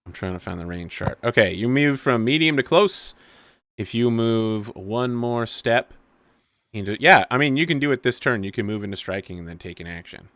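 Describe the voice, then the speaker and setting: A man acting as game master, explaining the rules in a relaxed way and laughing easily. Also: medium pitch, moderate pace, no echo, clean studio sound. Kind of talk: running a tabletop game.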